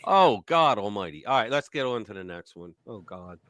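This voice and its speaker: Animated bright-voiced male stream host. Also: on the low side, normal speed. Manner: animated, joking, reads articles aloud. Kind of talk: casual commentary chat.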